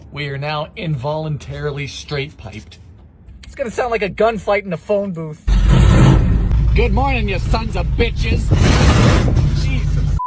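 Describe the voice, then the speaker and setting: A man ranting to his phone camera, exasperated, profane and theatrical, often from inside his car. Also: sits high. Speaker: comedy content creator. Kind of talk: comic rant to camera.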